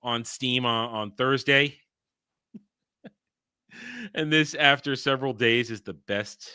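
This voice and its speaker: A man's voice: medium pitch, takes it slowly, bright, forceful tone, clear, resonant tone, no echo, studio quality. A man hosting a casual panel chat, blunt and ranting with some swearing. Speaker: podcast host.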